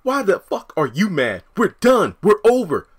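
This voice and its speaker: A man's voice: lively intonation, moderate pace, lightly acted. A man putting on the voice of an emotional, confrontational woman while recapping a TV scene. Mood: angry. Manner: high-pitched loud impression of a woman.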